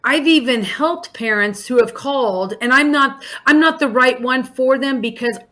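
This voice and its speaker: A woman in her forties who runs an in-home daycare, talking in a casual podcast interview with a warm, chatty manner and many restarts and fillers. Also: high voice, moderate pace. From Alaska.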